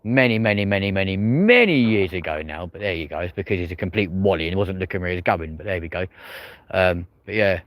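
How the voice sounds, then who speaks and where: A man's voice: deep voice, fast, a bit bright, dry recording. Rambling, sweary southern English man. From England. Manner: rambling, swears freely, repeats "but there we go". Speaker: livestream host. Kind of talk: casual live-stream chat. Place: outdoors at night.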